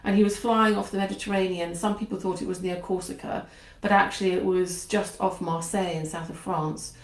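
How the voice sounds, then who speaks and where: A woman's voice: on the low side, fairly even intonation, a little fast, reverberant, rough recording. A woman hosting her own channel, chatting casually and wandering into asides before a book reading in her conservatory. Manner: chatty and meandering, with frequent asides. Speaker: channel host. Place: home conservatory.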